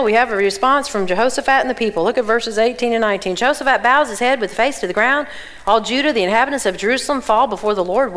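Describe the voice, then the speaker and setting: A woman with a Southern US accent, teaching the Bible to a women's conference and asking the audience questions. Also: fairly high pitch. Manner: animated, asks the audience questions. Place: church auditorium.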